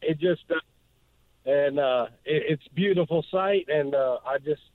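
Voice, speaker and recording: A man from northeast Georgia, calling in to a radio show and speaking earnestly, with many pauses and fillers. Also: fairly high pitch, no room sound. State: emotional. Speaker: caller. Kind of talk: call-in radio chat. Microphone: phone. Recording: tinny phone line, dry.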